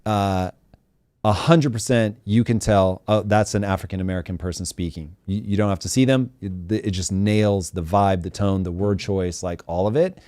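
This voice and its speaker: A man with a low voice hosts a live talk show in casual, animated chat. He swears freely and draws out words for emphasis. His voice sounds close and dry, with no room echo. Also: moderate pace, smooth. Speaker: show host.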